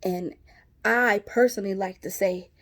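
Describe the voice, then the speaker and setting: A woman's voice: medium pitch, fairly even intonation, a little slow. A woman, casually telling her viewers a story, chatty and laughing as she talks. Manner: chatty, laughing, addresses viewers as y'all and sis. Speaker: vlogger.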